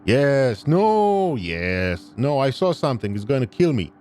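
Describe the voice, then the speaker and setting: A man voicing a jittery, drug-addled male shaman who talks in halting, repeating bursts, close to his own voice. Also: mid-range voice, very animated, darkish tone. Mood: scared. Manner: halting, repetitive.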